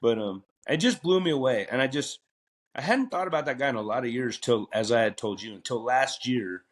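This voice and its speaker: A man, talking at an ordinary pitch. He rambles through long stories, full of fillers and restarts. It sounds like a relaxed podcast chat. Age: 50s. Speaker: guest, retired butcher. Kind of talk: casual storytelling in a podcast interview.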